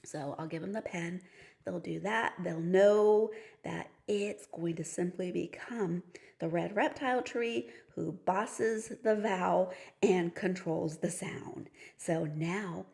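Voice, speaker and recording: A woman explains a phonics lesson to teachers and parents, patiently going step by step and tossing in playful story cues. Her voice sits a little low and has a gravelly, creaky texture. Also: takes it slowly, darkish tone. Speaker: reading teacher.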